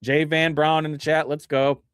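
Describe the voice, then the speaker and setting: Man, slightly high voice, dry close sound, sarcastic livestream commentator, reads bills aloud and mocks them. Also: little pitch movement, normal speed, clear, resonant tone, dry recording. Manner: sarcastic and mocking, reads bill text aloud; chuckles often, with big pitch swings. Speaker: livestream host reviewing state bills.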